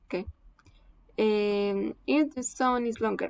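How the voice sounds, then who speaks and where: A woman giving a slow classroom presentation on phonetics, saying each example word twice with careful deliberation. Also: mid-range voice, vocal fry, no echo, rough recording.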